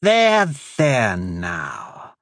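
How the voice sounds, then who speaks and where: A cunning male sorcerer with a silky, soothing voice, as a man reads him aloud. He lingers over each word at a slow, deliberate pace, his pitch rising and falling with lively expression. The sound is close and dry. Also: no echo, full character voice. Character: cunning male sorcerer, smooth, patient and manipulative.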